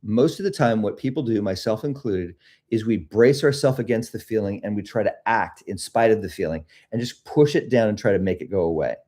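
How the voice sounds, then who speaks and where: A middle-aged man hosting a live self-help talk, speaking reflectively about fear and then gently guiding listeners through a body meditation. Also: fairly low pitch, a little fast. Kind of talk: casual talk leading a guided meditation.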